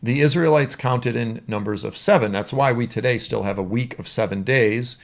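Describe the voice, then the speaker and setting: A man's voice: mid-range voice, normal speed, a bit bright. A man teaching the Bible in a conversational, storytelling way.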